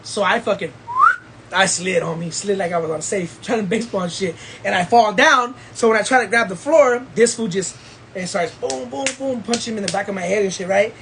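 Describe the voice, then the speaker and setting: A man's voice: high voice, a little fast, noisy background. Laughing, profane man telling a wild story. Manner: profane slang-heavy storytelling, frequent laughter. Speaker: podcast host. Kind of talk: casual storytelling chat.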